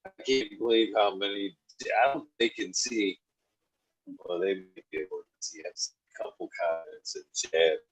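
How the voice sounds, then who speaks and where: A man hosting a casual podcast chat, relaxed and easygoing with some swearing. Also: deep voice, normal speed, slightly rough, no room sound, low-quality recording. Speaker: podcast host.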